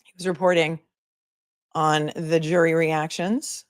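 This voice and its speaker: A woman's voice: deep voice, flat delivery, unhurried, no echo, clean studio sound. A woman attorney hosting a live commentary stream, chatting casually and sarcastically while reading viewer comments aloud.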